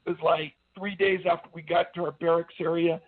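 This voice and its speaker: A man's voice: on the high side, little pitch movement, a little fast. Man, army veteran, radio guest, earnest meandering storyteller, tinny phone-line sound.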